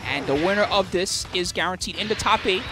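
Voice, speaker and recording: A man with a high-pitched, brisk voice hosts a live fighting-game tournament stream, calling the matches while trading slangy banter with chat and laughing often. Game music and other background noise sit behind him.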